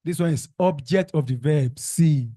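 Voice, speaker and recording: A man's voice: on the high side, measured pace, dark tone. A man teaching a revision class, calling out questions and repeating the answers in call-and-response drills.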